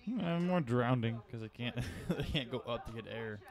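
A man's voice: medium pitch, lively intonation, normal speed. A man co-hosting a horror movie commentary in casual chat, laid-back and rambling, with offhand trivia and wisecracks.

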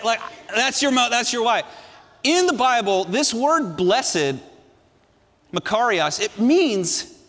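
High-voiced man preaching in a reverberant hall. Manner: emphatic, swinging between hushed and ringing delivery. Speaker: pastor. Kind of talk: sermon.

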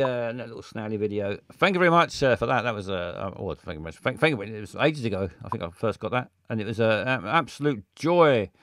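Brief: a man hosting a stream, chatty and halting, close dry mic. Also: fairly low pitch, fairly bright tone, no echo. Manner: rambling and hesitant, many fillers. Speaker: streamer host. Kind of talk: casual live-stream chat.

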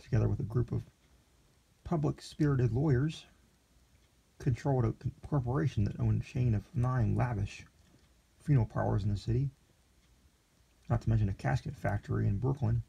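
Man reading a story aloud, unhurried, very dark, gravelly, husky. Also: mid-range voice.

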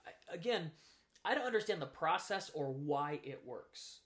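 Interviewed as a guest, a man frankly tells a personal story in an animated way, acting out the voices of the people he quotes. His voice is on the high side and moves at normal speed.

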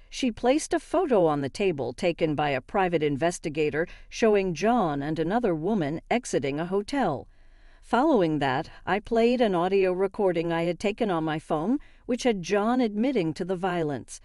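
An older woman narrates a scripted story in a steady, even read. Her voice is low and mellow. The recording is dry and close, with no room around it. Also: unhurried, no echo.

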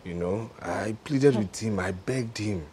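A man's voice: lowish voice, measured pace, a little mellow, a little hiss or hum, close to an everyday voice. An actor with a Nigerian accent playing a young man hesitantly recounting how he was chased away. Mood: rueful. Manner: rueful, hesitant storytelling. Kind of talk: Nollywood film acting.

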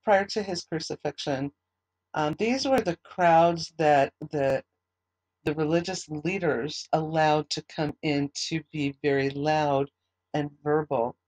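A man teaching a Bible study, reading scripture aloud in a steady, earnest way and adding short comments of his own. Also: on the high side, takes it slowly, no echo, low-quality recording.

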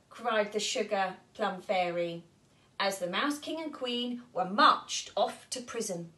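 At a nursery, a woman storyteller reads a picture book aloud to young children, animated and asking them questions. Her medium-pitched voice takes it slowly.

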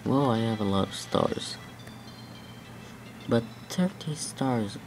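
A woman's voice: rumbling low, takes it slowly, over music. A woman casually chatting and rambling to herself while playing a video game. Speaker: gameplay commentator. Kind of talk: casual let's-play commentary.

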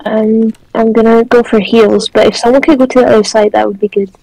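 A woman's voice: a little high, fairly even intonation, fairly quick, vocal fry, mellow, dry recording, rough recording. A woman playing a team shooter game and chatting casually with teammates over voice chat. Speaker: game player.

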